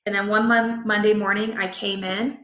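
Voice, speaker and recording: A woman coach, a podcast guest, telling a personal story in a candid, emotional, expressive way. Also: medium pitch, normal speed, echoey room.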